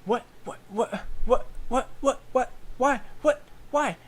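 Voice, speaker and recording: A man's voice: very high voice, slow, voice pushed up, heavily acted. A man voicing a flustered male gnome official who stammers and repeats himself in a tabletop game recap. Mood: frantic.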